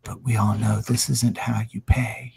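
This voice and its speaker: A man doing a quiet, menacing spectral collector. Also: little pitch movement, unhurried, gravelly, slightly rough, full character voice. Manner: low, quiet, threatening drawl. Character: menacing tall male spirit collector, cold and cruel.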